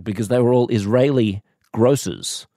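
A man's voice: medium pitch, normal speed, warm tone, no room sound, clean studio sound. A man with an Australian accent telling a rambling, sarcastic comedic monologue, jumping up into mock-innocent questions.

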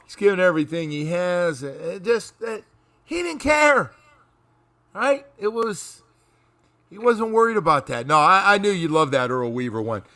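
Male sports radio host, high bright voice, lively chat. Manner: animated, quick to imitate others. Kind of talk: casual sports talk.

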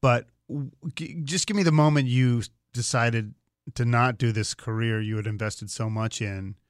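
A man's voice: mid-range voice, steady tone, no room sound, studio quality. A man hosting a radio talk show, chatting eagerly with a guest. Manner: chatty, eager, quick asides and laughs. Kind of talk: casual interview chat.

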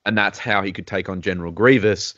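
A man's voice: lowish voice, fairly quick, a bit bright, no room sound. A man hosting a casual podcast chat, hesitant and full of restarts as he hedges his opinions. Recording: dull, lo-fi, dry sound.

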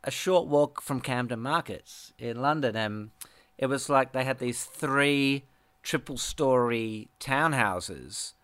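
A man's voice: medium pitch, slow pace, fairly bright tone, clear, resonant tone, no room sound. A middle-aged man, a musician co-hosting a casual chat, telling a rambling story with frequent laughs and restarts. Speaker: podcast co-host, musician.

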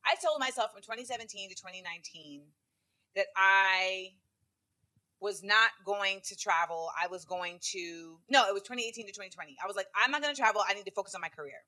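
A woman comedian chats as a podcast guest with a bright, forward tone. She tells stories quickly and loosely, full of fillers and asides. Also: mid-range voice. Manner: quick, chatty storytelling with many fillers. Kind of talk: casual interview chat.

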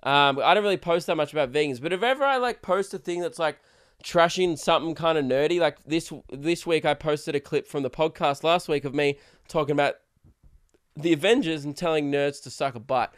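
A man's voice: fairly high pitch, brisk, clean tone. A young man hosting a solo podcast, rambling crudely and laughing often. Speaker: podcast host. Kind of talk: casual solo podcast rant.

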